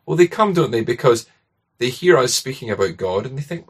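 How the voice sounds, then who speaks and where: Husky-voiced Scottish preacher. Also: male voice, medium pitch, a little fast. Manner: conversational, asks rhetorical tag questions. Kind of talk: sermon.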